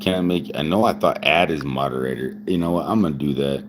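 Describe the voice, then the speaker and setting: There's noise in the background as a fast-talking man with a bass voice chats on a live stream. He's in his forties, a few whiskeys deep and sipping more, rambling, repeating himself, and chuckling often.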